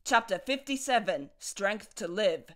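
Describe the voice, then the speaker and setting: A woman's voice: medium pitch, lively intonation, unhurried. A woman reading a manga aloud, voicing the characters and sound effects in a playful way. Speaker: manga reader.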